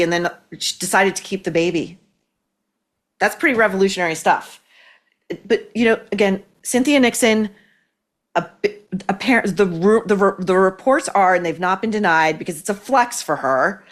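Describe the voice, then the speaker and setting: A woman hosting an opinionated commentary show, talking in a scathing, fast-flowing way with frequent restarts. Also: lowish voice. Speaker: host.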